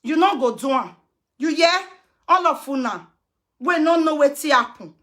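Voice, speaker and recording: Nigerian woman, high bright voice, hurls threats and curses in a live rant. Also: expressive, normal speed, pauses often. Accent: Nigerian Pidgin. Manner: combative, cursing, threatening; switches into chanted curses. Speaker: social media personality.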